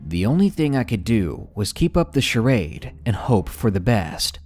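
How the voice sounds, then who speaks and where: A man narrating true scary stories in scripted, expressive storytelling. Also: fairly low pitch, normal speed, few pauses, faint music behind.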